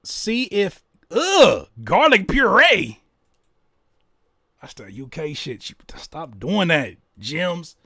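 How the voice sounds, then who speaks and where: A man hosting a casual livestream, reacting to music and joking with chat in an animated way. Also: high-pitched, takes it slowly, slightly rough, no echo, studio quality. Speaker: livestream host giving music feedback.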